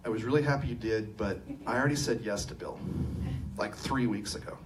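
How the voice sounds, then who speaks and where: A man quoting a cheerful teenage high school girl during a talk. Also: brisk, background noise, natural voice. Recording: distant mic, faint room ambience.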